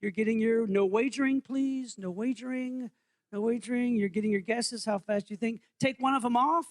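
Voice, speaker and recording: A man's voice: extremely high pitch, moderate pace. A male pastor giving a playful, interactive sermon in a church, quizzing the congregation. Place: church sanctuary.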